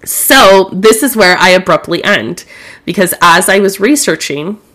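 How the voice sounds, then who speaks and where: A woman's voice: medium pitch, animated, unhurried, bright, forceful tone. A young woman hosting a podcast alone, chatting candidly and swearing freely. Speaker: podcast host. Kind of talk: casual solo podcast chat.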